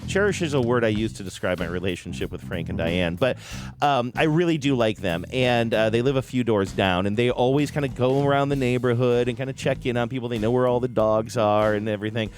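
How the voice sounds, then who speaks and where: A man's voice: mid-range voice, a little fast, a little hiss or hum. A middle-aged man hosting a podcast, telling a story in a casual, self-deprecating way and raising his voice when he quotes people. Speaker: podcast host.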